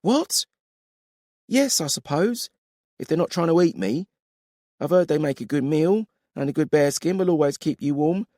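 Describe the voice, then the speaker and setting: A man's voice: a little high, expressive, moderate pace, no echo, clean studio sound, pitched above the performer's own voice, lightly acted. A man voicing a blunt, impatient female warrior who speaks curtly. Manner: curt and sharp.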